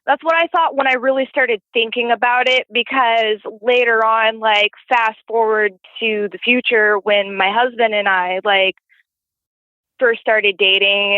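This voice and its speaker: A woman's voice: medium pitch, no room sound. A woman calling in to tell a story in a casual, rambling way, full of "like" fillers. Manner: rambling, heavy use of "like" fillers. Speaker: guest caller telling a paranormal story. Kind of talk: casual storytelling over the phone. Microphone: phone. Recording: tinny phone line, dry.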